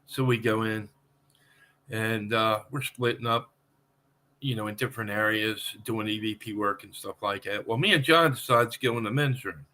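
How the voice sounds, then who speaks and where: A man hosting a podcast, asking questions and telling his own story in a relaxed, conversational way. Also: lowish voice, normal speed. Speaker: podcast host. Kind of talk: casual podcast chat.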